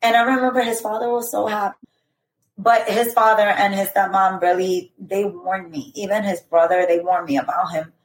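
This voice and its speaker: A woman's voice: medium pitch, steady tone. Woman telling a painful story, echoey. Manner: earnest, halting retelling with frequent "like" and "I remember". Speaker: podcast guest. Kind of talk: personal storytelling. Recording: roomy echo.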